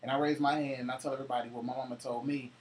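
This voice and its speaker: A man's voice: medium pitch, little pitch movement, racing, darkish tone, slight background noise. A man co-hosting a casual chat, telling loose, profane holiday stories with frequent laughter. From Cincinnati, US. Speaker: co-host.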